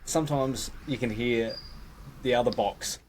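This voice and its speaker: A man's voice: medium pitch, measured pace, slight background noise. An Australian man co-hosting a podcast, telling a story in casual chat, acting out lines of dialogue and swearing. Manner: animated, swears, acts out bits of dialogue. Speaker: podcast co-host.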